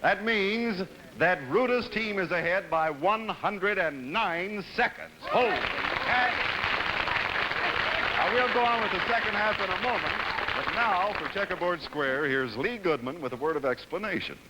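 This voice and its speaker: A man hosting a TV game show, brisk and cheerful as he calls up contestants and reads the scores. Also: high voice, animated. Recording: 1960s TV broadcast, loud studio audience and noise.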